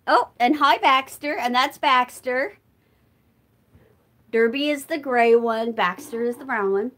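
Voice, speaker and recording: High and expressive, her voice moves at a measured pace. Doing household chores on a live stream, the older woman is winded as she walks around her home, chatting, answering comments from viewers, and showing warmth toward her cats.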